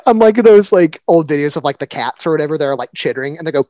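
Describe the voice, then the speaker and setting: A man's voice: on the high side, lively intonation, fast talker, dark tone, no echo, rough recording. A man co-hosting a podcast in casual chat, rambling and profane, laughing often and half-singing lyrics. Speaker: podcast co-host.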